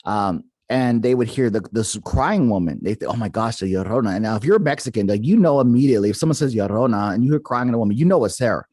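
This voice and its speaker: A man's voice: mid-range voice, animated, fast talker, few pauses, a little mellow, breathy edge, dry recording, studio quality. A man hosting a paranormal podcast, telling a folk tale in a casual, rambling way with many fillers and restarts. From Arizona. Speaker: podcast host. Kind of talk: casual storytelling.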